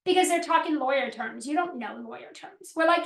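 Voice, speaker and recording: A middle-aged woman business coach teaching a workshop in a direct, energetic way, asking her audience questions and acting out what her clients say. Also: high-pitched, a little fast, creaky, echoey room.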